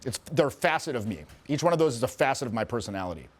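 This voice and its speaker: An animated middle-aged man swears freely as he tells his stories in a casual interview. He is a social skills coach, and his voice sits at a plain, middling pitch. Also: racing, breathy edge. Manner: profane, animated, acts out quoted voices.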